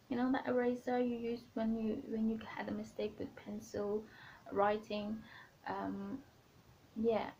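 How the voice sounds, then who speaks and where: A woman talks through a casual vlog, unscripted and chatty, often pausing on an um or restarting a word. Her voice sits a little high and sounds mellow and relaxed. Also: slight background noise, low-quality recording. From Philippines. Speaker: vlogger.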